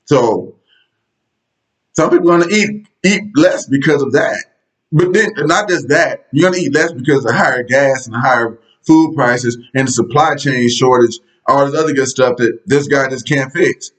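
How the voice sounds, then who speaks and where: A political commentary vlogger rants casually at his viewers, speaking to them directly in a blunt, profane, sarcastic way. His voice sits in the mid range, a bit bright, at a moderate pace, and the recording is rough.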